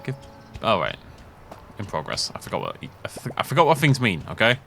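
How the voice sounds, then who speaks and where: A man's voice: fairly low pitch, huge pitch swings, quick pace, creaky, fairly bright tone, faint music behind. A man giving casual gameplay commentary, joking and poking fun at himself. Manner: joking, self-mocking. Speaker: let's play gamer.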